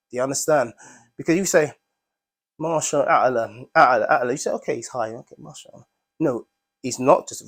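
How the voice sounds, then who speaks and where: Man explaining Arabic terms to a class. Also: fairly high pitch. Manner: explains Arabic words, checking in with "yeah?". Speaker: teacher.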